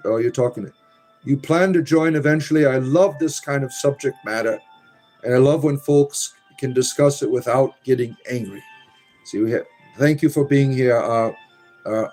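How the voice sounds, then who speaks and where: A man's voice: medium pitch, a little mellow. A man hosting a casual livestream, reading viewer comments aloud with wry remarks and muttered asides. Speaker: livestream host reading chat. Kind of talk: casual live-stream chat.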